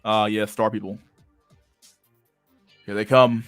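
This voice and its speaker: A man's voice: fairly low pitch, level tone, slow, no room sound, soft background music. A young man hosting a livestream and reading chat, talking in a crude, slangy, casual way and laughing often.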